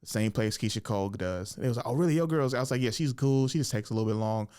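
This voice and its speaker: A young man hosting a podcast by himself, with a voice that sits at an ordinary middle pitch for a man. He rambles loosely and curses freely. When the people in his stories talk, he jumps up high to act them out and laughs. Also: rapid-fire, dark tone, clean tone. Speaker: podcast host. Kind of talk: casual storytelling monologue.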